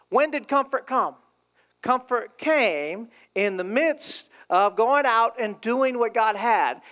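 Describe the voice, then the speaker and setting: A male pastor delivers a humorous sermon in a casual, jokey, conversational way, acting out the voices of people he quotes. His voice is extremely high-pitched and a bit bright.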